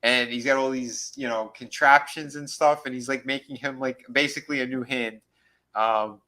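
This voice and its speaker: Male host, bright tone, loose rambling recap with quick voices for quotes. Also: mid-range voice, steady tone, rough recording. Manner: rambling, acts out quoted lines. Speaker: podcast host. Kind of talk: casual recap chat.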